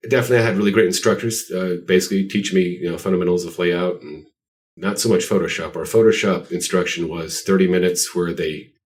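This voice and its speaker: A man with a very low voice tells rambling, self-deprecating stories as a podcast guest. He sounds set back from the microphone. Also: fairly even intonation, quick pace. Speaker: guest artist. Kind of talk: casual podcast interview. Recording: voice distant from the mic.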